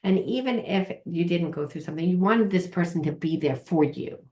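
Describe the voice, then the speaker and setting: Low-voiced woman giving a rambling tarot reading. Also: fairly quick, warm tone. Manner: rambling, repeats words, swears casually. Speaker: tarot reader and trauma coach.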